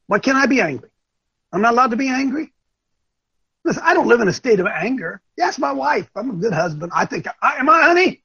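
A man's voice: sits high, expressive, brisk, fairly bright tone, husky, no room sound, muffled recording. An older man hosting a talk show, delivering impassioned, preachy commentary and often repeating himself. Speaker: show host.

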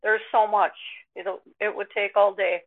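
An older woman calls in over a tinny phone line, speaking gently and from the heart. Her voice sits in the middle range. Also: medium pitch, level tone, a little slow. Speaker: caller.

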